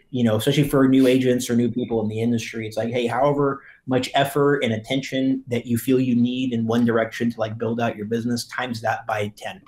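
A man, a real estate team leader, talking bluntly and profanely as a podcast guest about hard work. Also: medium pitch. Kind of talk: casual podcast chat.

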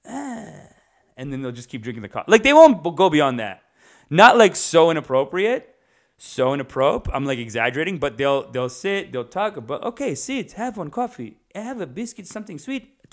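A male comedian talks through a loose comedic monologue, hopping from point to point with animated, casual energy. His voice sits at an ordinary middle pitch, and he swears offhandedly as he riffs. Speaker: stand-up comedian.

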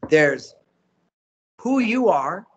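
A man, a voice actor guest, telling stories in a casual interview, lively and coaching with acted-out quotes. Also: high-pitched, drawn-out words, slightly rough, lo-fi sound. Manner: animated, acts out quotes, coaching.

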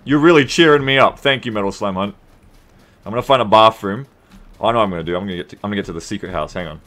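An Australian man live-streaming a game, bantering with his viewers in a profane, sarcastic and animated way. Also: fairly low pitch, very fast.

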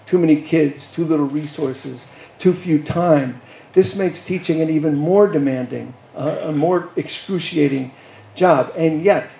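Gravelly older man lecturing in a roomy hall. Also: a little high, mellow. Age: 60s. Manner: wry, teasing, earnest. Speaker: guest speaker. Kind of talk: public lecture.

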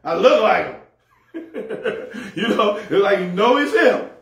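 A man's voice: high-pitched, sing-song, slow pace, gravelly, fairly bright tone. A man preaching a sermon as pastor, humorous and folksy, repeating words as he goes. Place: church sanctuary. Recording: echoey hall, mic far off.

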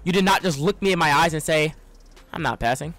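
Over brisk, soft background music, a young male streamer gives live commentary on his own game, trash-talking with excitement and swinging from loud bursts to mumbling.

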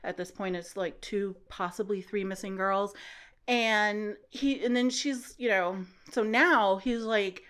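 A woman hosting a casual book-recap podcast, talking loosely with many fillers and acting out the characters' lines in quick put-on voices. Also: medium pitch, steady tone, fairly bright tone, clear, resonant tone.

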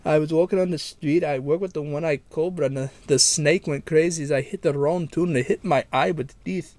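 A man's voice: brisk, a little mellow, no echo, close to an everyday voice. A man voicing an enraged older man prank caller with an Indian accent who screams in fury. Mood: complaining. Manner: screaming in fury, voice cracking high.

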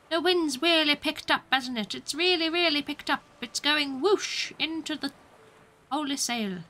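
A woman with a high-sitting, sharp voice speaks unhurriedly as she streams a game. Her commentary is playful and chatty, and she frequently breaks into exclamations.

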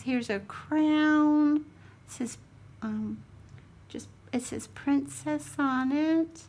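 A woman's voice: high-pitched, gravelly, breathy edge. A woman, hosting a craft channel and chatting casually as she unboxes a gift, exclaiming over each item.

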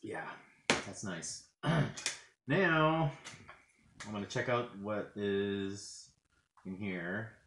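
In his home kitchen, a man films a casual food review vlog, eating as he talks and rambling hesitantly with many fillers. His lowish, slightly bright voice stretches words out and pauses often. The sound is roomy, with a bit of hiss or hum.

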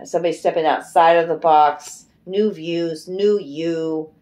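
There's slight background noise as a middle-aged woman reads tarot in a low-pitched, mellow voice with fairly even intonation and a measured pace. Her reading is chatty, loose and emotive, with plenty of swearing and bits of singing.

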